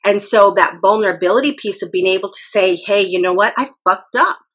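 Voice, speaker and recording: Bright, husky woman chiming in. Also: mid-range voice, a little fast. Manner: affirming listener with short agreements. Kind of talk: casual chat.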